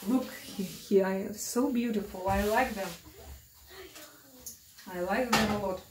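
Taking it slowly, a young woman with a mid-range voice and a Russian accent talks in casual, broken English in a cooking vlog, hesitating with frequent fillers and restarts. She's a family vlogger in her home kitchen. The recording has audible noise, a distant mic, and an echoey room.

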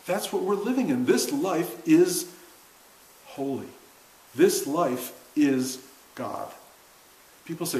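An older man giving an informal spiritual talk speaks slowly to a seated class, leaving long pauses in a fairly high, animated voice with a darkish tone. Earnest and conversational, he laughs often as he goes. The recording has roomy echo and faint hiss.

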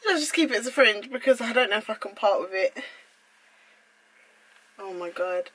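A woman's voice: mid-range voice, normal speed, long pauses, fairly bright tone, slight background noise, rough recording. A young woman vlogging at home, flustered and exclaiming in disbelief as she swears her way through cutting her hair. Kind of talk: casual vlog.

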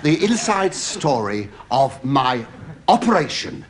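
A middle-aged English comedian with a stammering, camp delivery, full of asides to a live audience. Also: male voice, mid-range voice, very animated, slow, a faint crowd. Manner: stammering, camp asides, ooh-ing and mock protest. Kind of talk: stand-up style sitcom monologue to live audience. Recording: loud studio audience laughter and noise.

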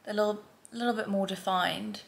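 A woman's voice: mid-range voice, steady tone, a little fast, vocal fry. Chatty young woman with a London accent. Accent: London English. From England. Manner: chatty and candid, lots of "like" and "babe". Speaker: beauty vlogger. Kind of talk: casual vlog chat. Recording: faint background noise.

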